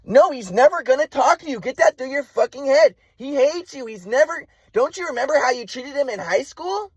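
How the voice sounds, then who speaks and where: A man putting on the voice of his furious, shrill mother, berating and swearing. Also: lively intonation, brisk, dry recording. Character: furious shrieking middle-aged mother.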